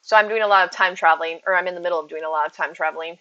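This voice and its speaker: Woman streamer, bright tone, easy casual chatter aimed at viewers. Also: on the low side, rapid-fire, highs cut off. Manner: chatty, reads out and answers viewer messages. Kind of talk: casual live-stream chat. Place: at home with her cats.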